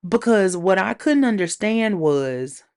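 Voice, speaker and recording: A woman casually reviewing a TV episode on her own show, animated and sassy, with playful slang. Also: mid-range voice, a little slow, clean tone. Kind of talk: casual solo review chat.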